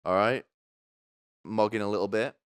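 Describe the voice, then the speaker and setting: A man's voice: on the low side, fairly even intonation, normal speed, clear, resonant tone, no room sound. A young man giving sarcastic, rambling comedy commentary, swearing often.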